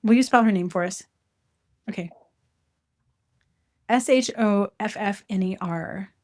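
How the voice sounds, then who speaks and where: A woman hosting a casual conversation, talking in an animated, talkative way with quick asides. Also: medium pitch. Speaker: host.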